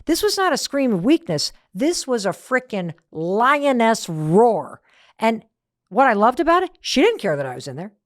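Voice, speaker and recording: A woman's voice: a little high, very animated, moderate pace, dry recording. Emphatic woman podcast host, dry sound. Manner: emphatic, storytelling with punchy repetition. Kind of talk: motivational podcast talk.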